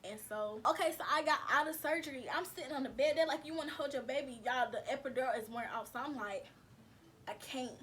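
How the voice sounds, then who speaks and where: A woman vlogger with a slightly high voice chats straight to her viewers, slangy and loose, calling them y'all. A faint hiss sits under her talk. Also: fast talker, few pauses, fairly bright tone. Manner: chatty, addresses viewers as y'all, slangy and laughing. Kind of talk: casual storytelling to viewers.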